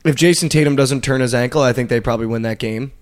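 A young man co-hosting a podcast, chatting casually and telling stories in animated bursts, swearing freely. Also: medium pitch, fast. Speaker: podcast co-host. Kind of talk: casual sports chat.

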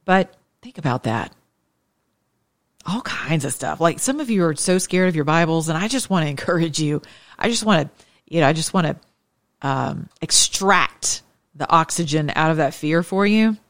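A woman's voice: sits low, expressive, normal speed, dry recording. A woman with a Southern accent hosting a faith talk show, joking and preaching with lots of rhetorical questions. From Southern United States. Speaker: show host.

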